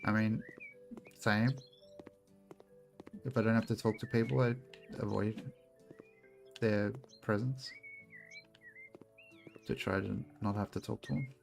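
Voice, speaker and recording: A man's voice: lowish voice, steady tone, slow, vocal fry, pauses often, faint music behind. Chatty swearing male game streamer. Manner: chatty, swears a lot, rambling asides to chat. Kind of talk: casual gameplay streaming chat.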